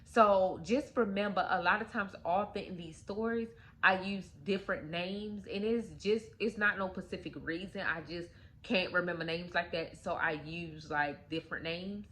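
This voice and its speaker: A woman's voice: on the low side, normal speed, fairly bright tone, a little hiss or hum. A young adult woman hosting a story time channel, casually retelling a story in a chatty way and addressing viewers directly. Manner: chatty, filled with "like" and "you guys".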